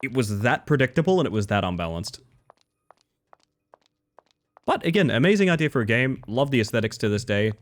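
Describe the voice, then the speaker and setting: A man's voice: mid-range voice, very animated, fairly quick, long pauses. Australian male streamer, mid-range voice, loose and chatty, trails off and restarts, swears offhand. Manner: rambling, self-interrupting, casual swearing. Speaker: game streamer. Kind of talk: casual live-stream chat.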